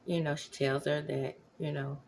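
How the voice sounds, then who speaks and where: A woman in her thirties giving casual commentary at home, animated, now and then dropping into whispers. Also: deep voice, moderate pace, slight background noise. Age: 30s. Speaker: vlogger. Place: home, at night.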